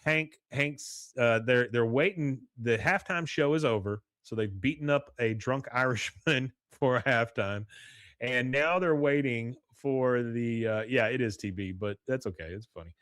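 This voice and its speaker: A man at a mid-pitched, ordinary register recaps a cartoon episode on a podcast, rambling with plenty of "uh" and little acted quotes. His voice is close and dry, with no room around it. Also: measured pace, fairly bright tone, dry recording. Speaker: podcast host.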